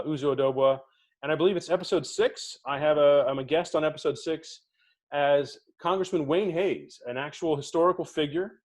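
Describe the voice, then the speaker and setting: A middle-aged man, a podcast co-host, telling theatre stories in casual talk and acting out the people he quotes. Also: a little high. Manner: animated anecdotes, acting out quoted voices. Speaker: podcast co-host being interviewed. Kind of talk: casual storytelling.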